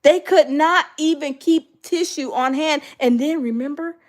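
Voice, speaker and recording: Here a middle-aged woman hosts a relaxed live-viewer chat at a measured pace in a high-pitched voice. She imitates others' voices, stays animated, and leans on lots of fillers.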